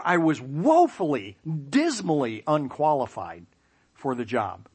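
A man telling a personal story with self-mocking humor, lively sound effects and playful asides. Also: fairly high pitch, breathy edge. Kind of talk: personal anecdote.

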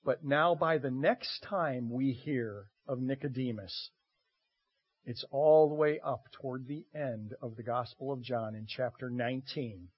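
A man preaching a sermon as pastor, expressive, moving between loud emphasis and quiet asides with dramatic pauses. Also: medium pitch, slightly rough. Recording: muffled lo-fi recording.

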